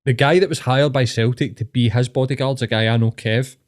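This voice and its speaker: A Scottish man in middle age hosts a podcast conversation with a medium-pitched voice. He rambles through sweary anecdotes in easy casual chat and keeps calling his guest "mate". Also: fairly even intonation, brisk. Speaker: podcast host.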